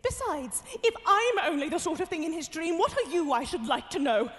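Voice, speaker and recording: A woman's voice: very high-pitched, animated, brisk, fairly bright tone, a little hiss or hum, voice pushed up. Alice, a prim little girl, as a woman puts her on. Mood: indignant. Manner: earnest, prim, easily indignant. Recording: long hall reverb, music behind.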